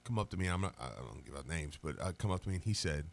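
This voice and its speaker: Deep-voiced, lively radio co-host man. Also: very fast, gravelly. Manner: animated, laughing storyteller. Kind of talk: casual sports radio banter. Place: radio studio.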